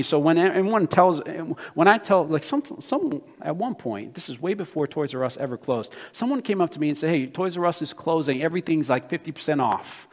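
A man preaching a sermon as pastor, with an emphatic, animated delivery and many rhetorical questions. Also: a little high, brisk, hardly any pauses. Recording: long hall reverb.

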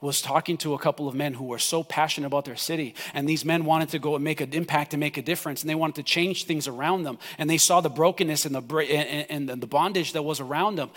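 High-pitched pastor preaching hard, loud then hushed, big echoey church hall. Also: male voice. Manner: impassioned, swings from loud pleading to hushed. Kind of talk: sermon.

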